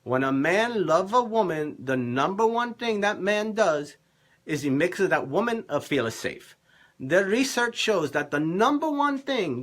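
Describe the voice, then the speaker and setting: A man's voice: high-pitched, fairly bright tone. A man playing a boisterous, middle-aged Italian male love professor, giving dating advice in broken English with a put-on Italian accent and theatrical emphasis. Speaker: relationship coach. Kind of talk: comedic in-character advice livestream.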